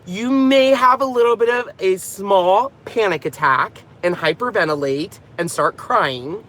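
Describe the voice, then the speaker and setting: A man's voice: sits high, a little slow, fairly bright tone, slight background noise. A man hosting a crafting channel, chatting casually and rambling off on tangents from inside his car in his garage. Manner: laughs often and jokes about himself. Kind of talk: casual vlog chat.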